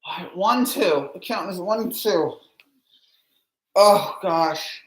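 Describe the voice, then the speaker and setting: A man's voice: high voice, slow, reverberant. A man reacting live to a ballgame as a fan streamer, anxious and pleading, with heavy sighs.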